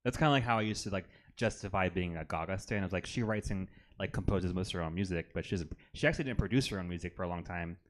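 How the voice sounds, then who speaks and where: A man's voice: deep voice, fast, few pauses, a little hiss or hum. A man who performs in drag shows, a guest in a casual chat, who rambles, trails off and laughs easily.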